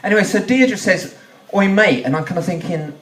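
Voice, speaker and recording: A man's voice: high voice, lively intonation, quick pace, a bit bright, slight background noise. A man performing rambling, self-mocking stand-up comedy on a club stage. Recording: echoey club, mic from far off.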